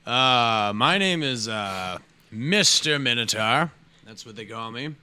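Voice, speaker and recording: A man voicing a male minotaur adventurer in a tabletop game, bantering with a bright voice. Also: mid-range voice, expressive, slow, clear, resonant tone, exaggerated voice. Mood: gruff.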